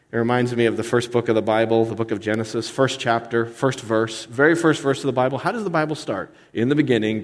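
Man, pastor, emphatic sermon, deliberate stresses, reverberant hall. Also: darkish tone. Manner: emphatic preaching, rising sharply in pitch for emphasis, slow deliberate stresses.

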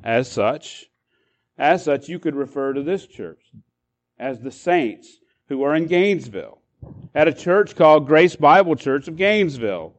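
A man's voice: a little high, animated, measured pace. Guy preaching a verse-by-verse sermon, restarts a lot, bit muffled sound. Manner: expository preaching with repeated restarts. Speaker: pastor.

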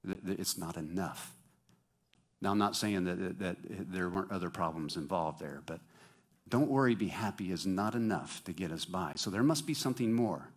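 A man preaching a sermon to his congregation, lively and joking with them, singing bits and asking the crowd questions. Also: deep voice, normal speed. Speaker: pastor.

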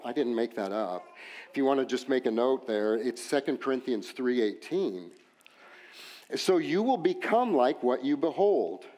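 Animated West Texas pastor preaching. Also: male voice, medium pitch. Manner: animated, joking asides, rising emphatic questions. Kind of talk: sermon.

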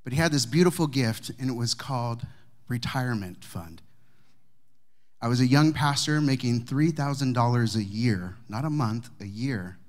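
A man preaching, a pastor telling a personal story to his congregation with humor and warmth of delivery. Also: medium pitch, normal speed. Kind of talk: sermon storytelling. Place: church sanctuary with congregation.

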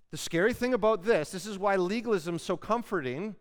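Male preacher, higher-pitched, earnest, emphatic, reverberant church room. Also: sing-song, brisk, hardly any pauses. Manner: earnest, building emphasis on key words. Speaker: pastor. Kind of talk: sermon. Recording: long hall reverb.

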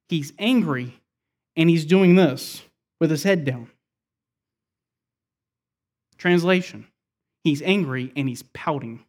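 A man preaching a sermon, working through a scripture passage verse by verse and often dropping his voice low and quiet to close a point. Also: animated, takes it slowly, long pauses. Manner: expository, explains scripture verse by verse. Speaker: pastor.

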